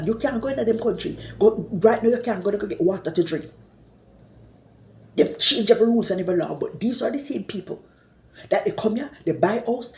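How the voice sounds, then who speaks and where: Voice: mid-range voice, darkish tone, echoey room, poor audio. A speaker with a Jamaican accent, delivering an impassioned, repetitive social media monologue. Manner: ranting, repetitive, emphatic.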